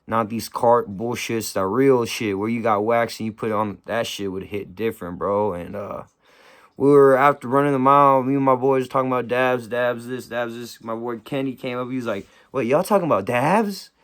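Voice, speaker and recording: A young man from the Bay Area, telling a personal story to camera in a slangy, subdued, halting way. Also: mid-range voice, flat delivery, a bit bright, clean tone. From San Francisco Bay Area.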